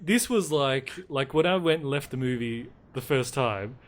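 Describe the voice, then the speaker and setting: Male co-host, lively storyteller, casual chat. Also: mid-range voice, normal speed. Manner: animated storytelling, acts out his own reactions. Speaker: podcast co-host.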